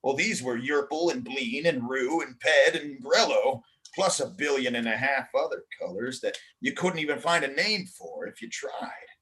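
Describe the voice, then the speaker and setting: A man hosting a show, reading a children's story aloud in a playful, expressive manner. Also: mid-range voice, normal speed. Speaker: host and storyteller.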